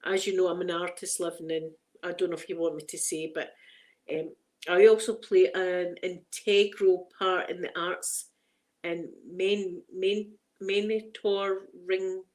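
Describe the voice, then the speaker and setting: A woman's voice: on the low side, little pitch movement, unhurried, darkish tone. A woman with a Scottish accent, hosting a casual unboxing chat. She is chatty and emotional and stumbles when reading aloud. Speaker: ASMR channel host.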